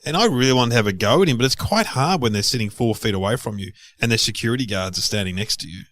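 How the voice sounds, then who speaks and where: A middle-aged Australian man co-hosting a podcast, chatting casually and telling anecdotes with lively impressions of others. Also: medium pitch, quick pace. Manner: storytelling, animated impressions of others. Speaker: podcast co-host, comedian. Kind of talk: casual chat.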